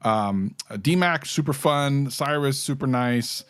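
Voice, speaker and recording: A man's voice: mid-range voice, animated, slow pace, fairly bright tone, clear, resonant tone, dry recording. A man speaking as a guest in a casual interview, candid and laughing often. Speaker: guest, former company community liaison.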